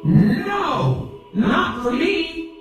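A man reading a storybook aloud and voicing a greedy, sulky male goblin who speaks slowly and quietly. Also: very high voice, big pitch swings, faint music behind, voice pushed up, full character voice. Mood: grumbling. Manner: quiet, slow and grumbling. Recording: echoey, set back from the mic.

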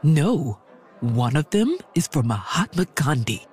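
A woman playing a brisk, eccentric aunt who sneaks up on the kids, with a husky, matter-of-fact, wry delivery in an audio drama. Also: deep voice, very animated, a little mellow, soft background music.

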